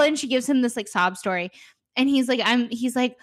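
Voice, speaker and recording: A woman's voice: fairly high pitch, expressive, normal speed, a bit bright. A young woman in casual chat, animatedly retelling a show's scenes and acting out the characters' lines. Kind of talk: casual chat recapping a show.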